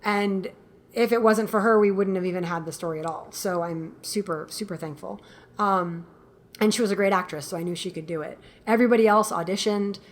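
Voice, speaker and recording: Animated woman telling stories in chat. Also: medium pitch, brisk. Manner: animated storyteller, laughs often, acts out quotes. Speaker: guest filmmaker. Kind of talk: casual interview chat.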